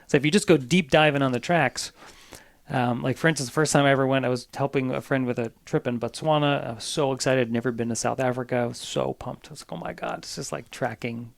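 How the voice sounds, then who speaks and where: A man's voice: mid-range voice, fairly even intonation, fast talker, vocal fry. A man from New Jersey, a guest mentor on bird language, chatting casually and telling stories with eager restarts. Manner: rambling, enthusiastic storytelling with many restarts. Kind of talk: casual conversation.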